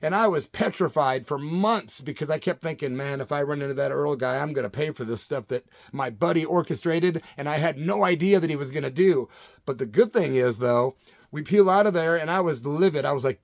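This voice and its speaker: A man in his late fifties hosts his own storytelling channel, talking casually with lots of animation. His voice sits a little high for a man, and the sound is close and dry with no room around it. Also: brisk, no room sound. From Central Illinois. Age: 50s. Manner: animated, says "man" constantly. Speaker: channel host.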